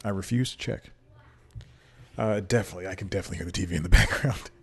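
A deep-voiced man talks fast with a breathy edge, hosting his podcast alone from a desk microphone at home. He rambles casually and pokes fun at himself, laughing often between thoughts. Faint music can be heard behind him, and a TV plays in the room.

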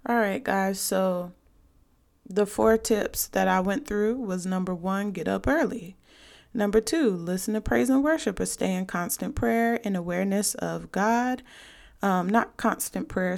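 A woman's voice: medium pitch, vocal fry. A woman hosting a faith podcast, giving earnest, conversational devotional advice directly to her listeners. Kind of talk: casual devotional podcast talk.

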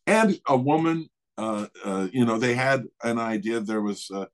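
A middle-aged man casually telling a story in conversation, animated and laughing often. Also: medium pitch, moderate pace. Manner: animated, acts out others' voices, laughs often. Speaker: guest storyteller.

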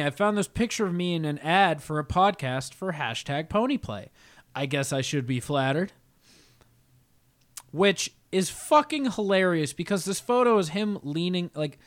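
A young man with a slightly raised voice recounts a story to his co-hosts, animated and quick to swear. He laughs often as he talks, in loose, casual podcast banter. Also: on the high side. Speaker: podcast co-host.

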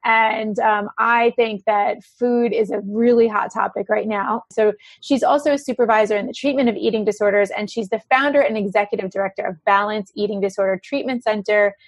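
A woman's voice: mid-range voice, steady tone, a little fast, hardly any pauses, husky, dry recording. A middle-aged woman hosting a podcast, talking in a casual, chatty way and laughing often. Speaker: podcast host.

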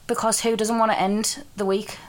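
A woman's voice: mid-range voice, flat delivery, normal speed. A woman co-hosting a podcast in casual chat, teasing her friend with dry banter. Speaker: podcast co-host.

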